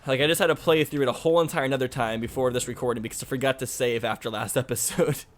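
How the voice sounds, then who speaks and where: A man's voice: mid-range voice, fairly even intonation, rapid-fire. A man co-hosting a casual gaming chat, goofy and jokey, laughing often. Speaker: co-host.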